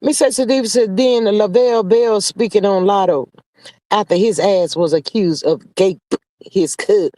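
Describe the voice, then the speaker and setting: With a mellow, expressive voice at medium pitch and normal speed, a live stream host gossips and reads comments from viewers. The delivery is sassy and drawling, peppered with "child" and "honey," playful hums and laughs, and the audio is dry and close with no room echo.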